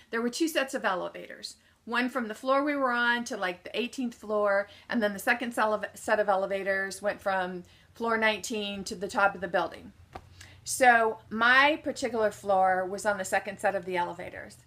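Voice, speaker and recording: A woman speaker telling a personal story in an animated way, acting out what people said and answering her own questions to the audience. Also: mid-range voice, moderate pace. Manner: asks the audience questions and answers them herself. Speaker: motivational speaker.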